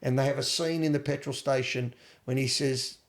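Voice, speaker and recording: Man, movie podcast co-host, animated, emotional, rhetorical questions, average pitch. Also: normal speed. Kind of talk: casual film-review chat.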